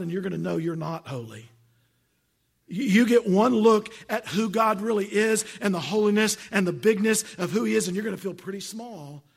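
A middle-aged man preaching with a high voice that is gravelly and husky. He preaches emphatically and repeats phrases. He reads scripture aloud to his congregation. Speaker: pastor. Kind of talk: sermon.

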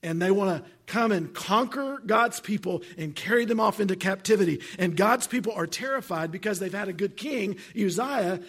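Pastor guy preaching, high voice, kinda raspy, lots of stammery restarts. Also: moderate pace, few pauses, a bit bright. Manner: asks the congregation questions. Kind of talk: sermon. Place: church sanctuary.

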